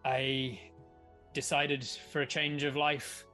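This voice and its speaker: A man voicing a male changeling shapeshifter, a pleading then vengeful ex-husband, in a low, hushed, earnest voice. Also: little pitch movement, slow, faint music behind.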